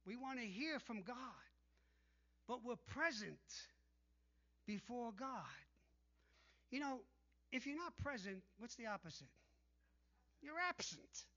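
A man's voice: extremely high pitch, bright, forceful tone, muffled recording. A male pastor preaching a sermon emphatically, calling out for amens from the congregation. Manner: emphatic preaching with call-and-response.

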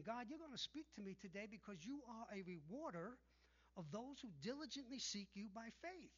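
A man's voice: high voice, sharp tone, lo-fi sound. A male pastor preaching a sermon emphatically, calling out for amens from the congregation. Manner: emphatic preaching with call-and-response.

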